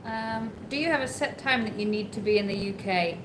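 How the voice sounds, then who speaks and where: A woman talking casually with viewers on a travel live stream, calmly explaining plans. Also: mid-range voice, brisk, reverberant, slight background noise, rough recording.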